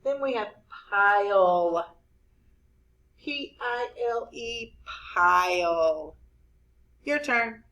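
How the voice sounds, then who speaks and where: Slow, encouraging woman teaching spelling. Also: mid-range voice, lively intonation, fairly bright tone, dull audio. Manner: slow, clear, spelling words out letter by letter. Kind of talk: spelling lesson for young children.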